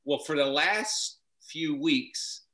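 A man talks with a bright, clear tone. He stumbles and restarts his sentences often, like a guest easing into a relaxed conversation. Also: fairly high pitch. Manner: halting, many restarts and fillers. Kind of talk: casual chat.

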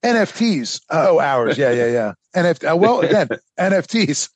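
A man co-hosting a history podcast, telling the story in a casual, animated way with lots of fillers. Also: fairly high pitch, moderate pace, slightly rough, no echo. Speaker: podcast co-host.

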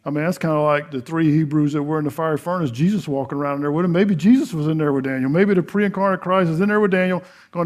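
In his sermon, a middle-aged pastor tells a Bible story folksily, performing the characters' lines, on the high side and quick with hardly any pauses. He shifts between loud emphasis and hushed earnestness.

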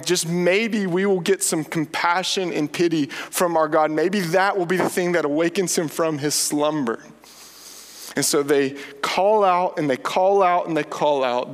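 Animated preacher man in a reverberant hall. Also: a little high. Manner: animated storytelling, voices quotes playfully. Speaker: pastor. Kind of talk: sermon.

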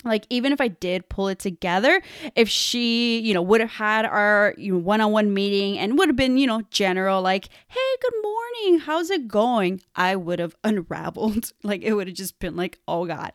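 A woman's voice: mid-range voice, moderate pace, clear, resonant tone, no echo, studio quality. A young adult woman telling a candid personal story, laughing often and quoting herself.

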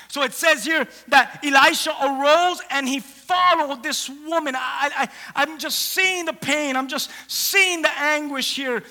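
A male preacher retelling a scripture story dramatically, acting out the voices and swinging from hushed lines to shouting. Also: very high voice, moderate pace, few pauses. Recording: long hall reverb.

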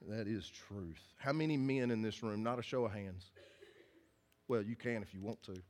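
A man's voice: fairly low pitch, moderate pace, a little mellow. A man, a pastor preaching a sermon in a church, earnest and folksy, often restarting and repeating his phrases. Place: church hall with congregation.

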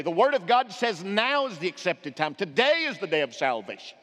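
A man preaching a sermon as pastor, swinging between impassioned and hushed delivery in a church. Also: high voice, very animated, brisk, hardly any pauses, long reverb tail. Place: church sanctuary.

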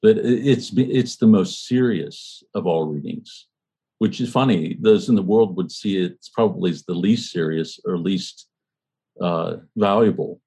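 A man leading a book study group, talking things over in a thoughtful, halting way and reading passages aloud. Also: low voice, mellow, slightly rough. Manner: thoughtful, halting, frequent fillers and restarts.

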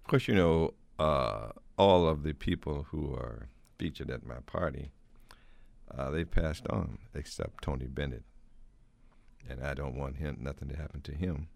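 A man hosting a music radio show in a casual, folksy way, pausing often and thanking his guests and listeners. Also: rumbling low, creaky, a little mellow, dry recording. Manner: folksy, halting, with repeated thanks and blessings. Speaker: radio host.

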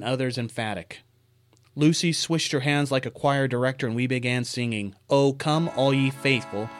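Wry man telling a workplace story. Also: mid-range voice. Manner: wry, self-deprecating storytelling with character voices. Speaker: narrator. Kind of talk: personal story narration.

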